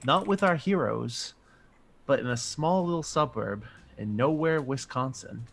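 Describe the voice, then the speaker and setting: A man's voice: medium pitch, animated, unhurried, creaky, fairly bright tone. Chuckling man narrating a game. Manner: chuckling, easygoing storyteller. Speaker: game master.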